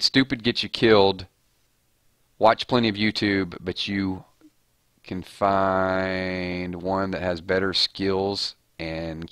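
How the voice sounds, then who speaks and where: Recorded in clean studio sound with no echo, a man with a low, sharp-toned voice hosts a casual livestream. He reads rhymes from chat aloud and playfully passes judgment on them.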